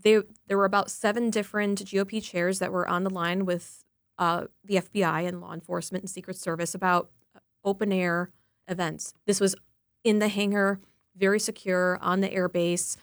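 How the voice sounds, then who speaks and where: A woman reporter chats on air, telling her story in a lively, chatty way. Her voice sits in a middle range. The sound is dry and close, with no room around it. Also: mid-range voice, moderate pace, dry recording. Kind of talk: casual on-air chat.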